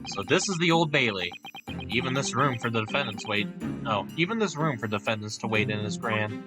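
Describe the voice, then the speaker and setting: A man's voice: medium pitch, animated, fairly quick, music in the background, natural voice. A man voicing a tense young defense lawyer in a courtroom game, in a near-natural voice.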